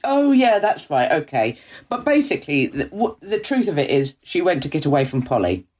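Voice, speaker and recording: Husky low-ish lady recapping a tv show, swoops up and down a lot. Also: moderate pace. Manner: animated, acts out characters' lines. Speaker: podcast co-host. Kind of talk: casual chat recapping a TV drama.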